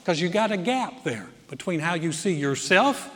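A man's voice: high voice, animated, normal speed, a bit bright, slight background noise. A man in his sixties preaching a sermon, emphatic, building through rising lists and telling stories with humorous asides. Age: 60s. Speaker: pastor. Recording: long hall reverb.

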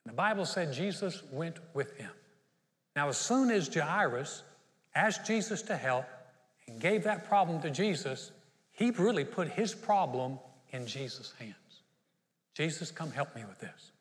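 A male pastor preaches in a lively, storytelling way, slipping into the voices of the people in his story. His voice sits a little high and rings with the long reverb of a large hall. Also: unhurried. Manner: storytelling, acts out the Bible characters. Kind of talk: sermon.

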